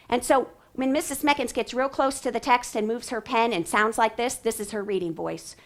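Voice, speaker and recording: Brief: woman literacy trainer, bright higher voice, animated delivery, playful voices and whispered asides. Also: moderate pace, few pauses. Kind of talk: teacher training talk.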